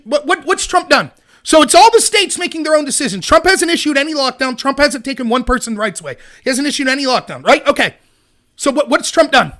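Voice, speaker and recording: A man's voice: very high-pitched, pushed and bright. A man hosting a political livestream, ranting heatedly and sarcastically while arguing with viewers in his chat. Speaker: show host.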